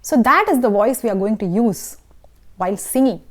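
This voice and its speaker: An animated woman with an Indian English accent, her voice a little high, teaches singing at a normal speed. She's instructive, laying out technique and checking in with the listener frequently.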